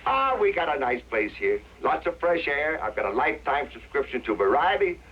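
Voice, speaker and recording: A retired vaudeville showman with a lively voice that swings up and down as he jokes. He talks folksy and easy, laughing at his own gags. The sound is a dull, lo-fi 1960s TV soundtrack with a faint hiss. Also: a little high, brisk. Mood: jovial. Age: older. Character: jovial wisecracking old male ex-vaudevillian farmer. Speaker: retired vaudevillian dog act performer. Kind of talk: 1960s TV drama acting.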